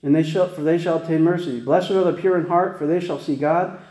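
A man delivers a casual, folksy sermon, tumbling quickly through stories with restarts and frequent "right?" asides. His voice sits a touch high yet sounds mellow and warm. The room around him rings with noticeable echo. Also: fairly even intonation. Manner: folksy, chatty, many restarts and rhetorical "right?". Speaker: preacher.

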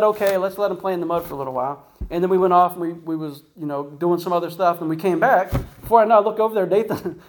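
A man's voice: high-pitched, slight background noise, poor audio. Chatty man preaching with rhetorical questions. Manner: conversational, asks rhetorical questions, says "right?" and "guess what?" often. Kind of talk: informal Bible teaching.

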